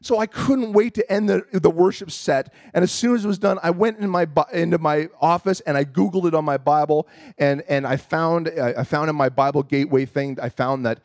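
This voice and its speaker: A pastor preaching to his congregation in an easy, chatty storytelling manner that often trips over itself and restarts. His voice sits fairly high for a man. The sound is dry and close, with no room echo. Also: fairly even intonation, a little fast, hardly any pauses, darkish tone. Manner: conversational and self-deprecating, with frequent restarts. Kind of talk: sermon with personal storytelling. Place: church service.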